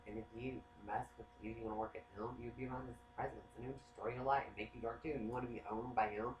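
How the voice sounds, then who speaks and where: A man who works as a psychic, talking in a casual, rambling monologue. He swears a lot and gets excitable. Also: medium pitch, fast talker. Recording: echoey room, faint noise.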